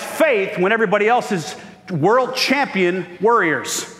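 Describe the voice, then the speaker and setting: A man's voice: sits high, animated, measured pace, fairly bright tone, big-room sound. A man pastor preaching a sermon, calling out for "Amen" from the congregation. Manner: call-and-response preaching, frequent "Amen?". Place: church sanctuary.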